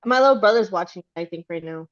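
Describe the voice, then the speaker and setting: A woman's voice: mid-range voice, animated, quick pace, lo-fi sound. A woman chatting casually and rambling, with lots of fillers and giggles. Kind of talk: casual chat.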